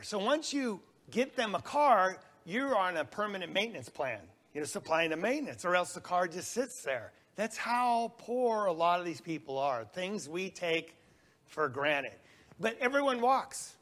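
Guy talking through his trip photos, kinda high voice, rambly and chatty. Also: very animated, a little slow, fairly bright tone. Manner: folksy, rambling, with small restarts and laughs. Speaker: mission trip speaker. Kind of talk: slide presentation talk.

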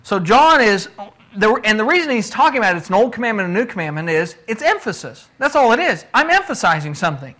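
Bright high-voiced man preaching a sermon. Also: big pitch swings, quick pace. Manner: conversational teaching with rhetorical questions; repeats words when restarting, emphatic.

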